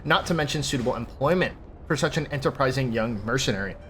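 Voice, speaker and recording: A man's voice: mid-range voice, expressive, quick pace, a bit bright, slight background noise, natural voice. A man voicing a courteous patron who thanks a young mercenary, read from a game event. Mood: gracious.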